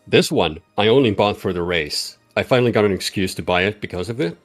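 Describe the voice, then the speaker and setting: A man with a very deep, low voice chats casually as a guest on a gaming stream. He speaks hesitantly and modestly, stammering and restarting his sentences. Faint music sits underneath. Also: animated, fast talker. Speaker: racer and guest. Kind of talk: casual chat.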